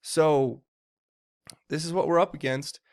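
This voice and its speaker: Heated ranting man, higher-pitched voice. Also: a little slow, darkish tone. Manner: heated, indignant, stumbles and repeats words. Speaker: political commentator. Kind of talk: ranting political commentary.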